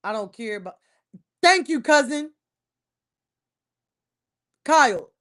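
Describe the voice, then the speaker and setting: Heated high-voiced woman ranting. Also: big pitch swings, a little slow, long pauses. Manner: heated, emphatic and repetitive, loud outbursts. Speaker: livestream host. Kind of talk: casual sports rant on a livestream.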